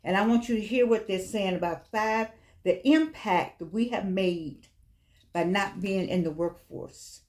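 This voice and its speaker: An older woman speaks in a solo vlog. She talks emphatically and preachily, hammering her points home by repeating phrases. Her voice sits at an ordinary middle pitch for a woman. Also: a little slow, darkish tone. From United States. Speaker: vlogger. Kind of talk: impassioned monologue.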